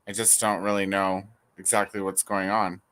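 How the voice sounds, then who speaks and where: A speaker with a bright, forceful voice chats casually on a call. The talk is animated and broken up by frequent laughs. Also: deep voice, moderate pace. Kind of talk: casual chat.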